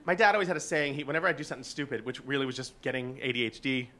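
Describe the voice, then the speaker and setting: Bright, brash comic storyteller man. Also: medium pitch, rapid-fire. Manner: animated, profane, laughs often. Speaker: guest storyteller. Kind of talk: comedic personal storytelling.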